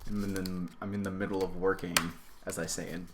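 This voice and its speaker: A man's voice: deep voice, level tone, fairly quick, echoey room, very noisy. A man playing a tabletop role-playing game, goofy and self-mocking as he jokes about his character. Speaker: player.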